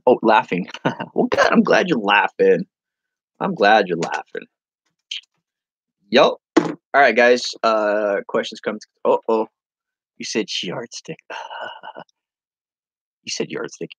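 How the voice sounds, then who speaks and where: A man hosting a casual live stream, rambling and joking as he reads viewer comments, with sudden playful jumps into a high voice. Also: a bit bright, no echo. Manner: silly, playful with sudden high-pitched bursts.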